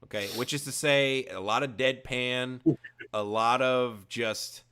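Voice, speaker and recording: A man's voice: medium pitch, fairly even intonation, measured pace, sharp tone, smooth. A man co-hosting a casual movie review podcast, opinionated and wry. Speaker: podcast co-host.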